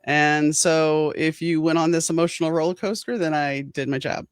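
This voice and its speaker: A woman's voice: low-pitched, steady tone, moderate pace, clear, resonant tone, no room sound. A woman author speaking as an interview guest in an earnest, reflective way. The sound is dry and close, with no room around her voice. She talks through her writing process at an easy, conversational pace. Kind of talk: casual interview chat.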